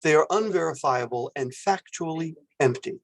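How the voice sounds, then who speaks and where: A man's voice: a little high, moderate pace, vocal fry. A man lecturing on philosophy, explaining ideas step by step and acting out example phrases with exclamations. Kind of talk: recorded university lecture.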